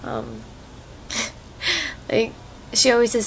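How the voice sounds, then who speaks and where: A young American woman rambles through a casual vlog with lots of fillers, recorded on her phone microphone. Her voice is medium-pitched, and she takes it slowly with frequent pauses over slight background noise.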